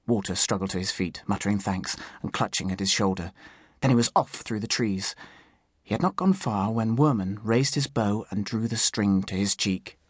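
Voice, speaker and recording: A man narrating an audiobook in clear, measured storytelling. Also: on the low side, dry recording, studio quality. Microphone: studio microphone.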